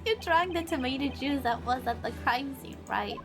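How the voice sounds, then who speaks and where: A woman's voice: high voice, moderate pace. A woman reading the part of an earnest young male defense lawyer, pressing with questions. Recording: game music playing behind.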